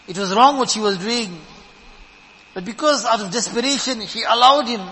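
A man's voice: extremely high pitch, normal speed, bright, forceful tone, in a large hall, low-quality recording. A man giving a sermon, earnest and emphatic, who often repeats words as he builds a point. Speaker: preacher.

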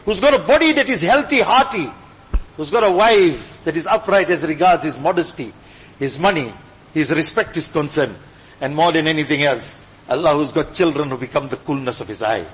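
A man preaching a sermon with passion, swinging between loud exhortation and hushed, pleading asides. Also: fairly high pitch, expressive, brisk, slight background noise. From Gujarati-speaking background. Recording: long hall reverb.

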